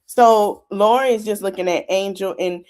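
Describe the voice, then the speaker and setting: A woman's voice: mid-range voice, moderate pace, darkish tone. A woman hosting a podcast, giving a chatty, dramatic recap of a reality show and talking straight to her listeners. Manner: chatty, dramatic reactions, talks to viewers directly. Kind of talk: casual recap commentary.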